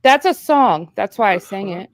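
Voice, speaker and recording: A woman's voice: medium pitch, expressive, moderate pace, no echo. A woman calling into a livestream, chatty and joking around. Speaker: caller on a stream. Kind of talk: casual livestream chat.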